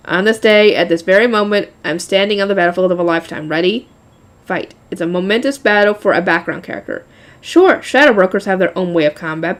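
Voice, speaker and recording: A woman reading a light novel aloud, often laughing and breaking off to chat with her viewers. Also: mid-range voice.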